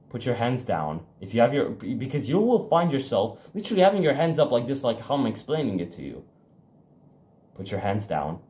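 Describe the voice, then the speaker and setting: A young man talks self-improvement to his audience in a frank, unpolished way. His sentences ramble and restart, salted with swearing and fillers. His voice sits at a middling pitch and punches key phrases for emphasis. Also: warm tone. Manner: emphatic, speeds up and slows down for stress. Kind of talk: casual motivational monologue.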